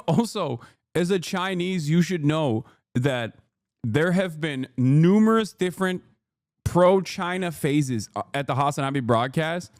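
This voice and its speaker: A man's voice: fairly high pitch, expressive, unhurried, no echo, clean studio sound. A man hosting a livestream, talking casually to his chat in a rambling, heated and jokey way. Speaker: livestream host.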